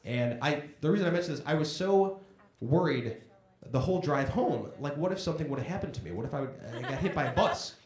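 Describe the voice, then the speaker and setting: Animated stand-up comic man in an echoey club. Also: fairly high pitch, fast. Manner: conversational, self-deprecating, acts out voices in quotes. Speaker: stand-up comedian. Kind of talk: stand-up comedy set. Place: comedy club stage. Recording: echoey comedy club room.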